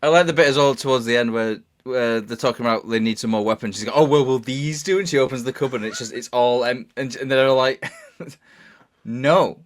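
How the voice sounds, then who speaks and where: A man co-hosting a casual movie podcast, excitable and acting out quotes as he recalls scenes. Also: medium pitch, fairly quick. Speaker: podcast co-host.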